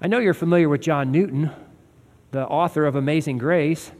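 A man's voice: fairly high pitch, a little fast, darkish tone, long reverb tail. A man preaching a sermon as a pastor, earnest and conversational, asking his listeners rhetorical questions.

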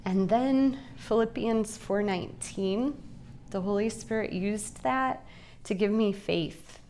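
A woman's voice: medium pitch, a little mellow, slight background noise. A woman in her forties giving a personal, earnest Bible teaching talk to a group, speaking in a confessional way. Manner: earnest, confessional, slow and deliberate. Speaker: speaker at a Christian women's gathering.

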